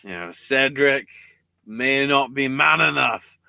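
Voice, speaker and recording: A man's voice: mid-range voice, slow, creaky, pushed and bright, clear, resonant tone, no room sound. A man co-hosting a wrestling podcast, recapping matches in a sarcastic, sweary, casual way. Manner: sarcastic, swears freely, breaks into goofy voices.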